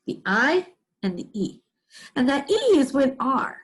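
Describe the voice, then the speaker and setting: A woman teacher giving a reading lesson to young children, sounding out words slowly in chunks and asking the listener questions. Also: high voice, lively intonation, slight background noise, rough recording. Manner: slow, sing-song, exaggerated sounding out of words; asks the listener questions and answers them.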